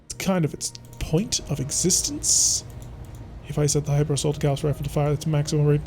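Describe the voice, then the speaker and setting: A man's voice: a little high, steady tone, brisk, warm tone, soft background music. A man giving playful, theatrical commentary while playing a strategy game. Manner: playful, theatrical, talks to enemies. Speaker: gameplay commentator. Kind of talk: let's-play commentary.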